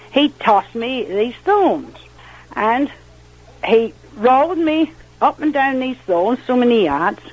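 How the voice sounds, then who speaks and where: Older husky countrywoman telling stories. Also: fairly high pitch, poor audio. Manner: rambling, repeats "well, anyhow", quotes others in lively voices. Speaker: interviewee. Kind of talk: oral history storytelling.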